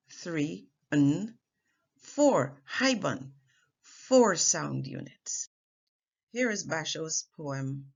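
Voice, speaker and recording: A woman teaching artist leads a poetry lesson in a low, gravelly voice. She talks slowly and deliberately, with measured pauses between phrases. The recording sounds a little dull and lo-fi.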